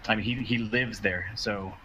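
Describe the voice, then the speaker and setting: A man's voice: lowish voice, background noise. A man narrating as game master over an online call, patiently explaining rulings to players.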